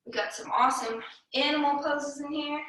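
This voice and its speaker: A young adult woman leads a children's yoga class as a kids yoga teacher, upbeat and encouraging, with playful animal sounds and sung cues. Her high-pitched voice is pushed and bright, with a steady tone and moderate pace. She's recorded from a distance in an echoey room.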